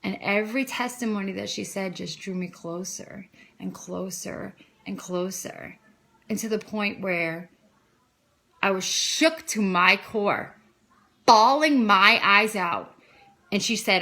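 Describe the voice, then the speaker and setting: Bright-voiced woman telling her story. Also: medium pitch, a little slow. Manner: emotional, gets loud and excited at key moments. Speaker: vlogger sharing her faith testimony. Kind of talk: casual personal storytelling. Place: at home.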